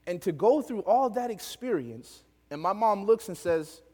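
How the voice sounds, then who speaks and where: A young male preacher tells a story in a lively, animated way and laughs often. His voice sits a little high for a man. A long reverb trails behind him, as in a large hall. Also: normal speed. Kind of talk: storytelling sermon.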